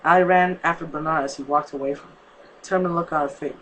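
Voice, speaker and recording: A man's voice: a little high, steady tone, quick pace, fairly bright tone, a little hiss or hum, poor audio. A man casually reading a fanfic aloud, stumbling and correcting himself, his voice strained from a sore neck. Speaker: fanfic reader.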